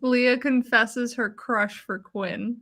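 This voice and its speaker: Female co-host, slightly high, bright tone, laid-back chat. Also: takes it slowly. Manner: laughs often, relaxed and easygoing. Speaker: co-host of a reality TV recap show. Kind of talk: casual livestream recap chat.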